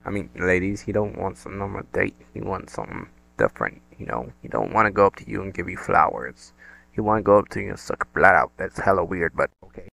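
A man's voice: low voice, lively intonation, a little fast, gravelly, music in the background, low-quality recording. A young man hosting a reaction video, chatting casually in a slangy, rambling way that keeps restarting.

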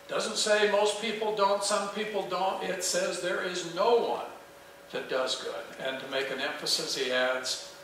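Preaching in a small church sanctuary, a pastor asks his congregation questions in an earnest, emphatic way. His voice sits high with a fairly bright tone and a slightly slow pace, heard from a distance in an echoey room with a little hiss or hum.

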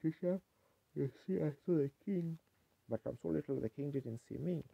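A man voicing a tearful little girl in a sermon story, speaking high and plaintive, on a dull old tape recording. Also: normal speed, vocal fry, husky, no echo, exaggerated voice.

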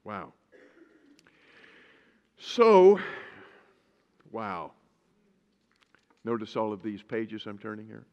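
A man, a pastor, preaching a sermon in a lively way, reading scripture aloud in a slow, deliberate manner. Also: lowish voice, clean tone. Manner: lively preaching, reads scripture slowly and emphatically. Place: church sanctuary. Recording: reverberant church hall.

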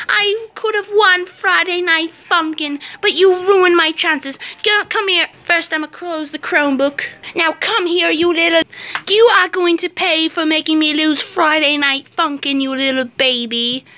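A woman voicing an excitable little male house elf in a plush toy skit, who talks about himself in the third person. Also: very high voice, a little slow, heavily acted. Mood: indignant. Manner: excitable, squealing outbursts.

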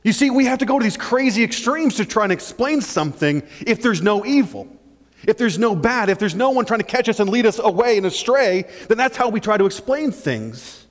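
A male pastor preaching a sermon in an animated way, acting out little scenes and often checking in with "right?". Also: high-pitched, fairly quick. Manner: animated, acts out scenes, keeps asking "right?". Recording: long church-hall reverb.

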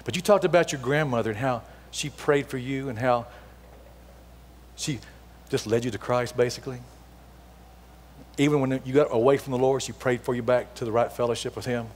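A middle-aged man giving a storytelling sermon as a guest speaker, acting out the dialogue as he tells it before softening to a hushed appeal. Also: medium pitch, normal speed, pauses often, a little hiss or hum. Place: church sanctuary. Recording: long hall reverb in a church.

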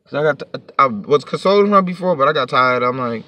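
A man's voice: mid-range voice, animated, brisk, bright, forceful tone. A man telling a storytime to his vlog audience in a heated, profane, rambling rant, sitting a bit back from the mic.

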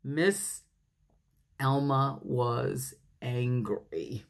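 Slow, animated woman pastor reading aloud. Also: mid-range voice. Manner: animated, laughing often, talking to the listeners. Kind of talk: reading a picture book aloud to children.

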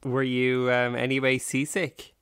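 A man's voice: medium pitch, completely flat delivery, unhurried, fairly bright tone, smooth, dry recording. A man with an Irish accent, co-hosting a podcast in casual chat with dry, teasing banter. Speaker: podcast co-host.

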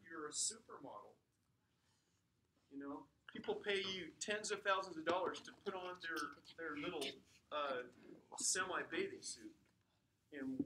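A man giving an informal lecture, telling stories with jokes and asides in an animated way. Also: a little high, far from the mic, noisy background. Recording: echoey room, mic from afar.

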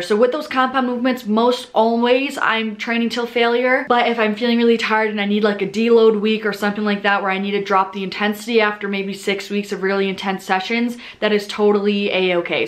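Young female fitness vlogger, mid-pitched, casual and energetic delivery to camera. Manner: chatty, upbeat, many "like" fillers. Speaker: fitness vlogger and certified personal trainer. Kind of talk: casual chatty explanation to camera.

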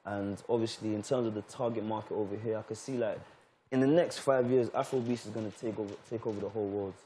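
Laid-back deep-voiced man with London accent. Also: fairly even intonation, fast talker, mellow, slight background noise. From Nigeria. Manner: laid-back, hesitant, many fillers. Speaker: guest musician. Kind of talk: casual interview chat.

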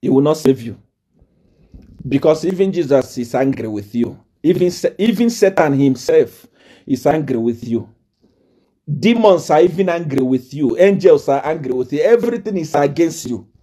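A man's voice: fairly high pitch, expressive, moderate pace, dark tone, husky. A man from Zambia, delivering a live-streamed political rant in a mocking, taunting way, laughing often and hammering on repeated phrases.

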